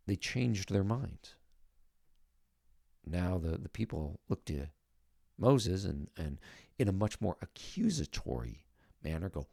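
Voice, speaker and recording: A man with a deep, gravelly voice talks through a Bible passage in a relaxed, conversational way. He thinks aloud and presses on key words. The recording is close and dry. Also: measured pace, no echo. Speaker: Bible teacher and podcast host. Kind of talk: casual spoken Bible teaching.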